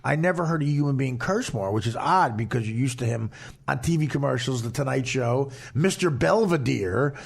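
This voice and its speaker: A man's voice: medium pitch, moderate pace, vocal fry, husky. A man telling a story in casual, profane talk, with lots of laughing and swearing. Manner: profane, animated, laughing as he tells it. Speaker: podcast host telling a story.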